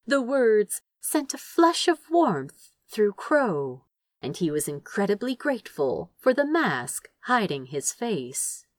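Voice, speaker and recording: A woman reading a story aloud as narrator, with measured, expressive storytelling. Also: mid-range voice, no echo, studio quality. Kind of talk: audiobook narration.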